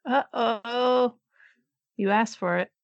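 A woman's voice: on the high side, huge pitch swings, drawn-out words, creaky, dry recording, muffled recording. A woman co-hosting a podcast over a remote call, chatting casually about a documentary and giggling often. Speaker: podcast co-host. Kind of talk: casual chat reviewing a documentary.

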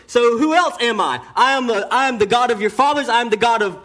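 A man with a notably high speaking voice preaches a church sermon. He drops to near-whispers and climbs to strong emphasis, restarting phrases as he drives each point home. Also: expressive, a little fast. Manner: emphatic preaching that swings from hushed to loud. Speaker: pastor.

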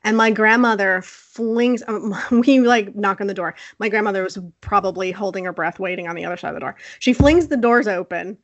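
A woman co-host tells a family story in a casual, animated way and laughs as she talks. She acts out the people in it. Her voice sounds dry and close, with little room sound. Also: mid-range voice, fairly quick, few pauses, dry recording, highs cut off. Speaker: podcast co-host.

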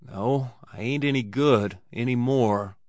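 A man's voice: medium pitch, slow, darkish tone, dry recording, natural voice. A beaten young man answers in a weak, broken voice, near tears, as a man puts him on. The recording is dry and close. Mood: weak, defeated.

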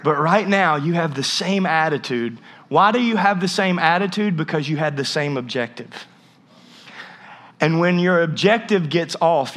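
A man's voice: on the high side, a bit bright. A man in his thirties preaching a humorous sermon, telling a story with jokey asides and frequent restarts. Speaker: pastor.

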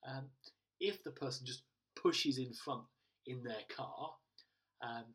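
A man's voice: medium pitch, takes it slowly, a bit bright, slightly rough, far from the mic, low-quality recording. A man preaching a sermon as a pastor, chatty and full of fillers, often acting out little everyday scenes. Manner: chatty, with acted-out asides and many fillers. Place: church.

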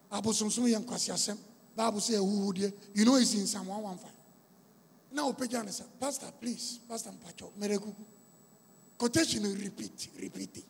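A Ghanaian man preaches in a very husky, gravelly voice that sits unusually high for a man. He leans on a repetitive, emphatic cadence, and his voice rings with the long reverb of a large hall. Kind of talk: storytelling sermon.

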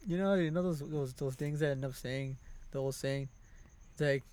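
A man's voice: medium pitch, normal speed, darkish tone. A man in casual chat, reacting with short remarks, swearing and laughing a lot. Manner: laughing, profane banter.

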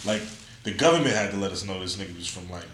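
A man's voice: low-pitched, fast. A man trading casual banter as a podcast co-host, slangy and often laughing as he tells stories. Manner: slangy, laughing, animated storytelling. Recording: roomy echo with faint room noise.

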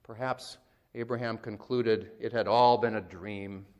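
A man's voice: fairly low pitch, steady tone, measured pace, a little mellow, highs cut off. A male pastor giving a conversational, wry sermon and acting out quotes.

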